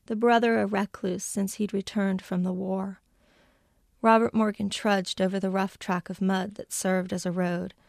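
A woman author reading a passage from her novel aloud, measured, lightly voicing the characters' lines. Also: mid-range voice, a little mellow, dry recording, clean studio sound. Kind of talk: literary reading.

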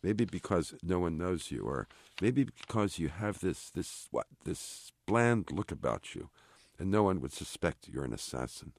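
A man reading aloud, voicing a chatty, bossy army sergeant in an offhand, brisk manner. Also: deep voice, sing-song, vocal fry, no echo, heavily acted. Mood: explaining. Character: gruff chatty male army sergeant, blunt.

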